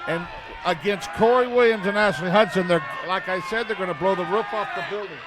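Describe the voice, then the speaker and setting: A man's voice: high-pitched, brisk, crowd noise, background noise. A man doing color commentary and promos for a wrestling TV show, in folksy hype that keeps saying "I tell you what".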